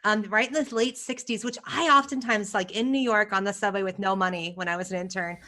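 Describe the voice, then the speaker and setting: A woman from the United States, a photographer guest on a podcast, telling stories in a casual, animated way and acting out what others said. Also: mid-range voice, brisk. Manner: animated, laughing, acts out quotes.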